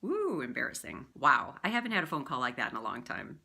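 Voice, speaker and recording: A woman who works as a voiceover artist, talking casually to camera as she gives communication tips and shows vocal warm-ups. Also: extremely low pitch, brisk, creaky. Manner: lively, chatty, demonstrative. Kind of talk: direct-to-camera tips video.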